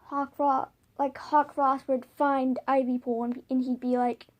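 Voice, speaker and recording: A woman's voice: high-pitched, level tone, measured pace, hardly any pauses, a little mellow. A woman casually making up a fan story at home, rambling with many filler words. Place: home, by a window.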